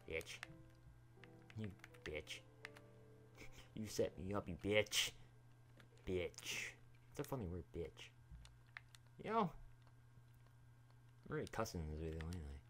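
A man's voice: sits low, sing-song, takes it slowly, pauses often, fairly bright tone, soft background music. Rambling, foul-mouthed young man gaming. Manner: rambling, swears freely, talks to game characters. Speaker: gaming YouTuber. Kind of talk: casual gameplay commentary.

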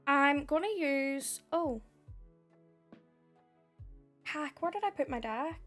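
A woman's voice: high voice, takes it slowly, a bit bright, faint music behind. A young woman with a Northern Irish accent, chatting casually on a live stream and thanking viewers by name.

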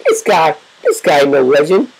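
Woman putting on Triple H, a cocky gruff wrestler. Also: low-pitched, big pitch swings, moderate pace, a little mellow, a little hiss or hum, pitched below the performer's own voice, rough recording. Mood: taunting. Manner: taunting, swaggering, gruff and profane. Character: cocky trash-talking male wrestler, Triple H.

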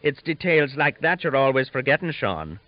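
A man's voice: medium pitch, sing-song, moderate pace, no echo, voice pushed up, lightly acted. A man doing a jolly, wry older Irishman. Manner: genial, wry, hospitable. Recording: dull lo-fi recording.

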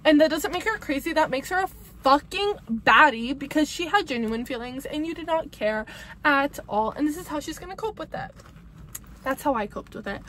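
A young woman with a high, bright-pitched voice vents in a casual advice monologue, blunt and profane. She hammers her points home by repeating them. A faint hiss of noise sits under her voice. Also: expressive, moderate pace. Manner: blunt, emphatic and profane, ranting with repetition. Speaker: vlogger giving breakup advice.

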